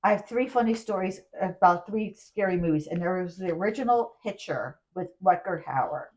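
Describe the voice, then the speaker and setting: A woman co-hosting a casual podcast chat, telling animated stories with frequent laughs. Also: fairly low pitch, moderate pace. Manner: animated storyteller, laughs often. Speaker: podcast co-host. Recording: dull lo-fi sound.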